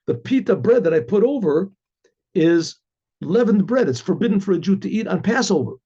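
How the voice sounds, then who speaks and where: A rabbi telling a story, animated and full of quoted voices, who often clears his throat and restarts his words. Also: high-pitched, moderate pace. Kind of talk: storytelling talk. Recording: dull lo-fi recording.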